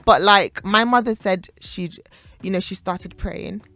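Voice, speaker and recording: A young woman co-hosting a casual chat, talking in an animated, preachy way and laughing often. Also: mid-range voice, unhurried, no room sound, soft background music. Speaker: podcast co-host.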